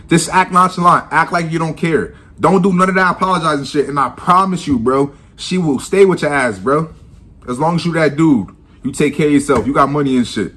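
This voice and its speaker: Husky guy talking slangy, says bro a lot, fairly high voice. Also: a little fast, a bit bright. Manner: slangy, keeps saying bro. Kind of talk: casual slangy advice.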